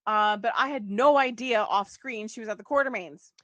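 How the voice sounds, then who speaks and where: A woman's voice: a little high, normal speed, a bit bright, no echo. A woman co-hosting a podcast, chatting casually and quoting characters as she recaps. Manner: chatty, quotes characters, laughs often. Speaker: podcast co-host. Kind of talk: casual chat recapping a soap opera.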